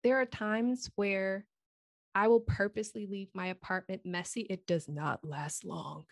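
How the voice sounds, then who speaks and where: A woman talks openly in a relaxed conversation about her own life. Her voice sits at an ordinary pitch and sounds dry and close to the mic. She drops to soft, near-whispered asides, then rises into loud, animated bursts. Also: unhurried, creaky, no echo. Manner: candid, animated storytelling with swings from soft to loud. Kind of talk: casual chat.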